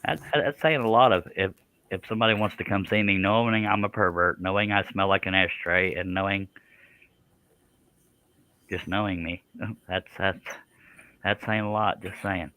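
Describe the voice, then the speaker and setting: A man chatting on a live stream from his workshop, his voice bright and forceful and sitting a touch low. He jokes about himself and reads out viewer comments in a loose, easygoing way. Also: fairly even intonation, moderate pace, pauses often, dry recording, rough recording. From Texas. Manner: joking, self-mocking, reads viewer comments aloud. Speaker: woodworking live stream host. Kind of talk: casual live stream chat.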